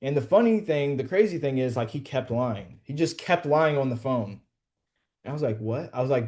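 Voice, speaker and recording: A man's voice: medium pitch, normal speed, a little mellow. A man casually telling a story to a group on a call, slangy and profane, full of "bro" and "like". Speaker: real estate wholesaler coaching a group.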